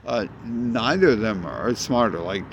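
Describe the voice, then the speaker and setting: A man's voice: mid-range voice, lively intonation, unhurried, dull audio, slight background noise. A man in a rambling, agitated monologue, cursing often and jumping between ideas.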